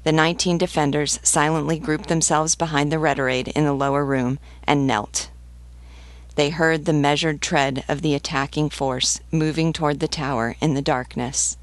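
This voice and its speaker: A woman, a literature teacher, reading a novel aloud in a measured, deliberate way. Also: sits low, steady tone, no room sound. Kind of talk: audiobook narration of a novel.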